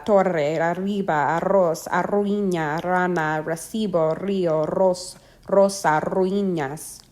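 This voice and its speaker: A woman teaching a pronunciation lesson, reading out example words slowly and carefully. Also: mid-range voice. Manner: slow, careful, spells out sounds and repeats example words. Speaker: language teacher.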